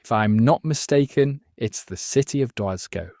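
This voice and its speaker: A man playing a quiz contestant, confident and quick to object. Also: mid-range voice, vocal fry, a little mellow. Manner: confident, indignant. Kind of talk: casual banter.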